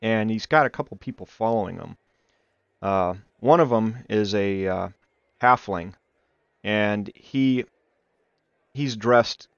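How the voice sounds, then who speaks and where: Low, smooth-voiced male game master. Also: dry recording, lo-fi sound. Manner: hesitant, with many fillers. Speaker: dungeon master. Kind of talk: narrating a tabletop game.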